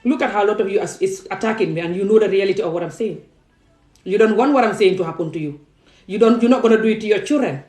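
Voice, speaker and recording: A woman's voice: mid-range voice, fast, dark tone. Impassioned woman in a roomy echo. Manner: emphatic, pleading, rhetorical questions. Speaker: vlogger. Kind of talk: impassioned direct-to-camera monologue. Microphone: phone or camera facing her.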